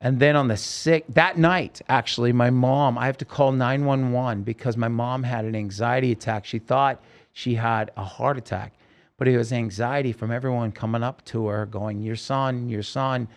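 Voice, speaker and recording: A man's voice: mid-range voice, fairly even intonation, normal speed. A man, a singer-songwriter, telling his own story in a podcast interview, earnest and rambling with many restarts.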